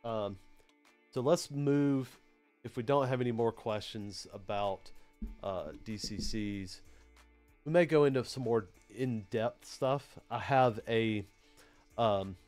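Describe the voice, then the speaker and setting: Taking it slowly, this PLC training host speaks in a medium-pitched, slightly mellow voice with a Southern US accent, and faint music sits in the background. The live technical stream is relaxed and rambling, heavy on fillers.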